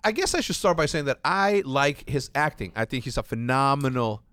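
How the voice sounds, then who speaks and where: A man's voice: mid-range voice, big pitch swings, a little fast, fairly bright tone, no room sound. A man hosting a casual chat, joking and swearing, often restarting his sentences. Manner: joking, profane, trails into restarts.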